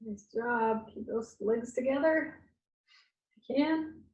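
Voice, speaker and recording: Woman giving slow encouraging form cues. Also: on the high side, darkish tone, reverberant, lo-fi sound. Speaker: fitness coach. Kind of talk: cueing form in a workout class.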